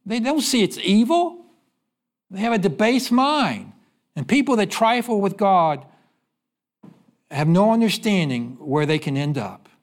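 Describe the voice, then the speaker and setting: A man preaching a sermon, telling stories and asking the congregation questions, then dropping low to give the answers. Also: very animated, measured pace, long pauses. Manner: preaching with call-and-response questions and sudden drops to a low voice. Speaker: pastor.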